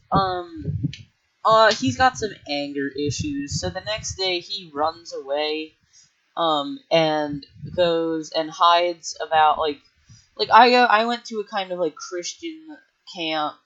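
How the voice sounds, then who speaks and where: A man's voice: on the high side, sharp tone. Young man, casual storytelling vlogger, rambling delivery, muffled home-mic sound. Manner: rambling, heavy use of filler words and restarts. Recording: dull lo-fi mic.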